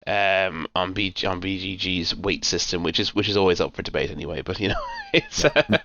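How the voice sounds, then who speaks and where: A man's voice: low voice, wildly swooping pitch, a little fast, sharp tone, muffled recording, slight background noise. A man co-hosting a board game podcast, chatting casually and rambling with lots of fillers and restarts. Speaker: podcast co-host. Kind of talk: casual chat.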